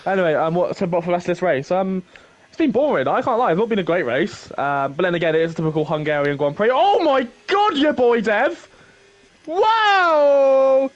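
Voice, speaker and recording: Co-commentator, man, lively pitch, lo-fi dull mic, dry jokes. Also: quick pace. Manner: laid-back, wry, laughs often. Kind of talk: casual sim racing commentary.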